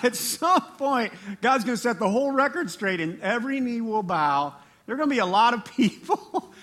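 A man preaching a sermon as pastor, animated, with laughing asides and rising emphasis. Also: high-pitched.

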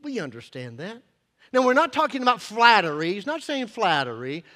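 Preacher guy in his 50s, high voice, folksy and earnest, lots of uhs, long echo like a big church. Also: wildly swooping pitch, moderate pace, pushed and bright. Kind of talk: sermon with personal storytelling. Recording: long echoing hall reverb.

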